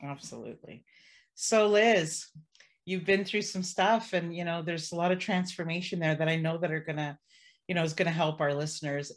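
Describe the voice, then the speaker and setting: Woman host introducing a guest. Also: lowish voice. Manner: warm, admiring, encouraging. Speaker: podcast host. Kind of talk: interview introduction and questions.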